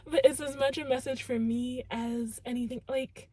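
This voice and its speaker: A young woman talks through a tarot reading in an earnest, emphatic way, her voice high and a little husky. She records close in a dry, dead room. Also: steady tone, moderate pace, dark tone, no echo. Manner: earnest and emphatic, heavy use of "like" and "literally". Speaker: tarot reader. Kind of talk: casual channeled tarot reading.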